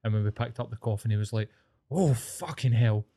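A man's voice: lowish voice, a little fast. Sweary Glaswegian man telling stories. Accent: Glaswegian Scottish. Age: 40s. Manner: sweary, animated storyteller who acts out relatives' lines. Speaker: podcast co-host. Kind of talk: casual comedy chat.

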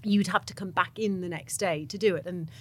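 A woman's voice: lowish voice, fairly even intonation, a little fast. A woman TV presenter chatting casually, reminiscing about silly jobs. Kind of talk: casual chat.

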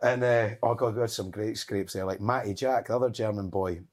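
A man's voice: lowish voice, fairly even intonation, brisk. A Scottish man in his forties telling rambling stories in casual chat, laughing often and swearing. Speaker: podcast guest.

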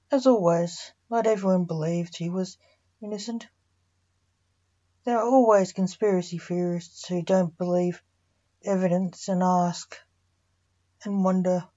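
A woman narrates her own story at an unhurried, deliberate pace, lifting her voice on key words. Her tone is warm and mellow, mid-pitched. The recording is muffled and slightly lo-fi. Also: steady tone.

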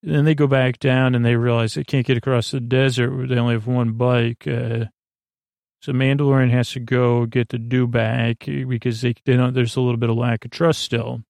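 Gravelly man, flat delivery, halting casual recap host, lots of "uh"s, dry close mic. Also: medium pitch, no echo. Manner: halting, many fillers and restarts. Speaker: podcast host.

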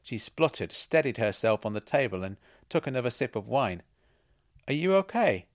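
A man's voice: medium pitch, expressive, fairly quick. A man reading first-person narration in a wry, understated way.

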